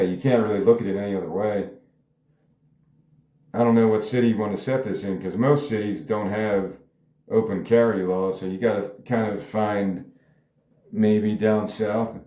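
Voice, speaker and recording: Brief: male writer, low-ish mellow voice, rambling and thinking out loud about his script, roomy echo. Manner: rambling, musing aloud with frequent hedges. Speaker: screenwriter discussing his script. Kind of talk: casual solo commentary. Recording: echoey room.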